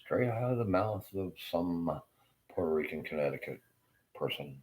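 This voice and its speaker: Very deep-voiced Southern man ranting. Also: lively intonation, darkish tone, low-quality recording. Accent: Southern American. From Southern United States. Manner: profane, blunt, rambling, with halting fillers. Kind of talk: rambling monologue rant.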